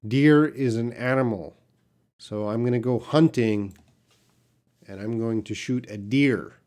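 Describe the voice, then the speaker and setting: On a live stream picked up by a computer mic, a man from Canada who teaches English reads viewer questions and gives plain answers, occasionally with blunt emphasis. His middle-pitched voice has a darkish tone and a measured pace.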